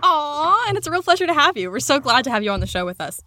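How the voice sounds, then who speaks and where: A woman's voice: high voice, very animated, racing, bright, forceful tone. An American woman co-hosting a comedy podcast, chatting casually with a giggly, rambling, self-deprecating manner. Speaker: podcast co-host.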